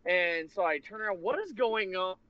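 A man casually telling a rambling, animated convention story with laughs and restarts. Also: high voice, moderate pace, dry recording. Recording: lo-fi muffled recording.

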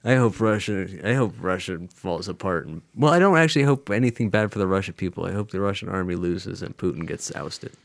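A man's voice: low voice, a little fast, creaky, few pauses, dry recording. A man co-hosting a comedy podcast, tossing in dry quips. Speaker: podcast co-host. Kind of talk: casual comedic chat.

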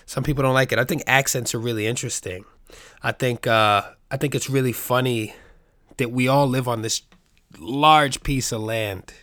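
A man from the Bronx with a New York accent, hosting a casual solo podcast in a rambling, profane, animated way. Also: medium pitch, normal speed, dry recording, clean studio sound. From the Bronx, New York City. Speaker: podcast host.

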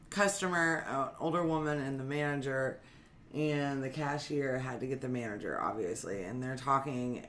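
A woman's voice: very deep voice, fairly bright tone, a little hiss or hum. A woman co-hosting a podcast, telling a story in casual chat and swearing now and then. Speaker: podcast co-host.

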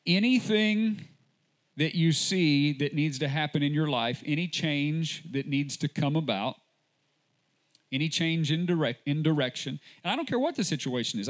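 A man pastor preaching a sermon, emphatic, with repeated rhetorical questions and a deliberate delivery. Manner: slow, deliberate delivery with sudden rises in pitch.

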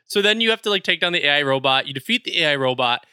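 A man co-hosting a podcast eagerly retells a video game's story in casual chat, acting out scenes with quoted lines. His voice is fairly high, expressive, very fast and sharp, with a clean tone and no room sound.

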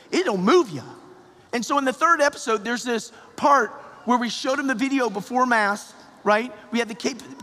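A man's voice: extremely high pitch, sharp tone. A male parish priest preaching a homily in a conversational, repetitive way that rises to emphatic calls. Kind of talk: sermon. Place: church. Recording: long church reverb.

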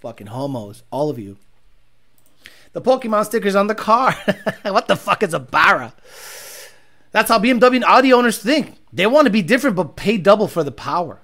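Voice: mid-range voice, very animated, normal speed, long pauses, a bit bright. A livestream host reading viewer comments and ranting about car tuning with profanity and mockery.

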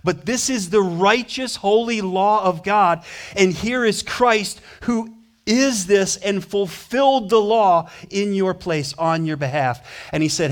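Preaching with lots of energy, this man acts out quoted speakers and moves from booming statements to soft, hushed moments, all at a slow pace.

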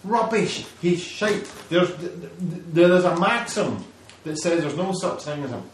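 A man holds forth in an animated, sweary rant as podcast host. His voice sits a little high, and it comes from a distance in a very echoey room. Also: moderate pace, a little hiss or hum. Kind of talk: casual ranting chat.

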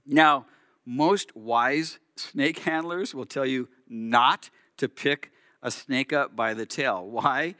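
A man's voice: mid-range voice, lively intonation, slow, bright, forceful tone, no room sound, clean studio sound. A man, a rabbi, preaching a sermon with explanatory storytelling and acted-out quotes.

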